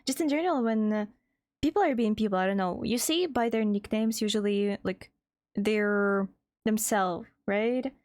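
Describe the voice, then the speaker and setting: A woman's voice: mid-range voice, normal speed, darkish tone, no echo. A young woman, rambling casually on a live stream, laughing often, swearing and greeting chat by name. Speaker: VTuber streamer and artist.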